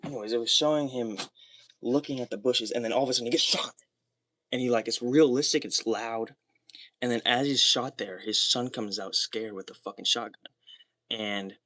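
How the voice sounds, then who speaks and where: A young man rambles excitedly on a livestream from a small room. His voice sits in an ordinary middle pitch, and the sound is very dry and close. He piles up fillers and restarts as he gets carried away. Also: normal speed, long pauses, no echo. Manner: excitable, rambling, heavy swearing and filler words.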